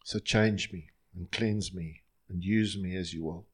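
A man's voice: deep voice, fairly even intonation, unhurried, husky. A male pastor leading his congregation in an earnest, line-by-line prayer during a sermon in a church.

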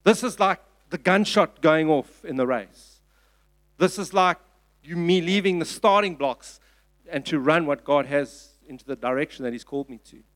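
Earnest South African male pastor, repeats himself for emphasis, slightly high voice. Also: lively intonation, normal speed, fairly bright tone. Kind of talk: sermon. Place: church.

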